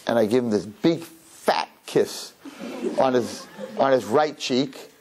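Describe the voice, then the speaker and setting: A rabbi telling a lively personal story to an audience, acting out the dialogue as he goes. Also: medium pitch, takes it slowly. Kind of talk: storytelling talk.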